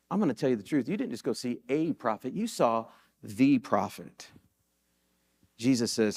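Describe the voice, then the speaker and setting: A man's voice: medium pitch, normal speed, pauses often. A man pastor giving a sermon in a church sanctuary, telling stories in a conversational way and rising into sudden emphatic peaks.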